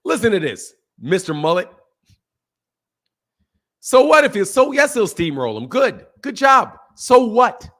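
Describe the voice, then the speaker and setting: A man's voice: sits high, very animated, a little slow, pauses often, a bit bright. A man hosting a live-streamed boxing talk show, reading super chats and firing back at trolls, often repeating himself. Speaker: boxing channel host.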